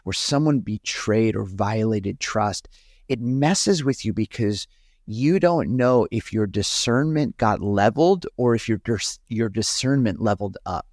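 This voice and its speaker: A middle-aged man, a pastor talking as a guest on an interview podcast, speaking earnestly and haltingly with frequent restarts. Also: lowish voice, animated, a little mellow, no echo, clean studio sound. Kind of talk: reflective conversational interview.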